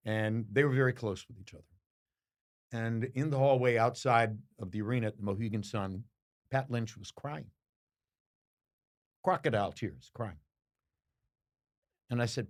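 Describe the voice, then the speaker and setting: An older man, a boxing commentator, answering interview questions with slow, reflective storytelling and emphatic pauses. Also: mid-range voice.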